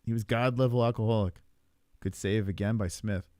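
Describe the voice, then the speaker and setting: A man in his forties with a New York accent, rambling and swearing in casual live stream chat while high, chuckling often. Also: fairly even intonation, fairly quick, darkish tone, no echo, clean studio sound. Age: 40s.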